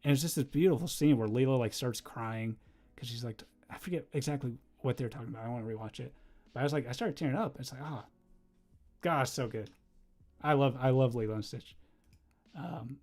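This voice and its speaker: A young man chatting casually on a livestream while drawing, rambling and easily distracted, breaking into quick laughs. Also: mid-range voice, a little mellow. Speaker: livestreamer and animator.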